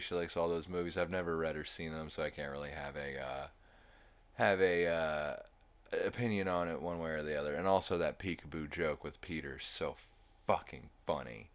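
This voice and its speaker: A man's voice: low voice, a bit bright. A young adult man hosting a podcast, recapping an episode in a rambling, amused way full of fillers. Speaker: podcast host.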